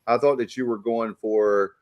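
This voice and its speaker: A man's voice: lowish voice, fairly even intonation, moderate pace, no echo. Eager, chatty middle-aged man. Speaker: sports talk show co-host. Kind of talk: casual chat.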